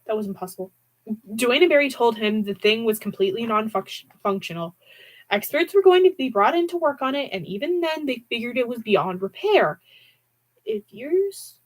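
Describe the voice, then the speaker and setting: Woman livestream reader for creepy fiction, mid-pitched, expressive and theatrical. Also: poor audio. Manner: dramatic with wide pitch swings, occasional restarts. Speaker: audiobook reader. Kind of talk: horror novel read aloud.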